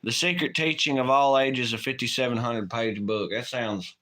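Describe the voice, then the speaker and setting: A man's voice: medium pitch, normal speed, pushed and bright. A man co-hosting a late-night livestream, chatting casually in a rambling, profane way and laughing often. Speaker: livestream co-host.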